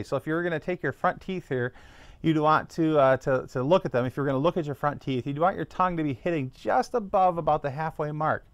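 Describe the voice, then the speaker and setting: A man's voice: fairly high pitch, no room sound. A man teaching a beginner trumpet lesson, patiently walking through each step and sounding out practice syllables.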